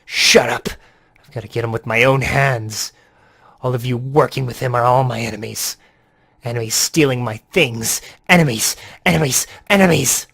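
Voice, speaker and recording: A man voicing an unhinged, vengeful male commander who rants and shouts slowly. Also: medium pitch, dry recording. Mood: raging. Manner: slow, shouted ranting.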